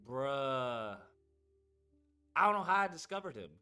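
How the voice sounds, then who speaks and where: A man chatting casually on a live stream, with a bright, forceful voice that swings widely up and down in pitch. He rambles and swears as he talks to his viewers, with faint music playing under him. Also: sing-song, unhurried, clean tone. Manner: rambling and profane, talking to chat. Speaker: streamer host.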